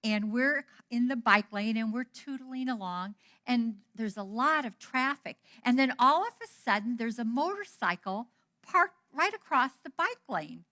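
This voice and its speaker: Middle-aged woman preacher, fairly high and bright, lively storyteller who acts out dialogue. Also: measured pace. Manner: animated, acts out quoted dialogue. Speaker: minister. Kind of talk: storytelling sermon. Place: church hall.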